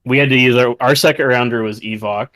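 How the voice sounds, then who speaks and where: A man's voice: medium pitch, steady tone, fast, a bit bright, no room sound, studio quality. A man co-hosting a casual draft show, talking in a laid-back way.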